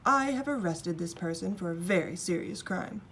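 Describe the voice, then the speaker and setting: A woman voicing a formal male soldier who speaks solemnly in a lowered voice. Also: expressive, moderate pace, a bit bright, slight background noise.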